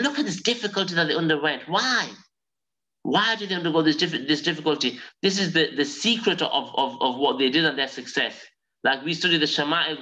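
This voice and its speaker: A man teaching a live online religious class. He tells stories in an animated way and recites Arabic phrases quickly. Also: a little high, muffled recording.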